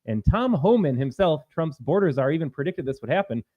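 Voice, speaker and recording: A man's voice: fairly high pitch, big pitch swings, a little fast, no room sound, dull audio. A man hosting a live-streamed political commentary show, talking combatively and reading out viewer comments. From Minnesota.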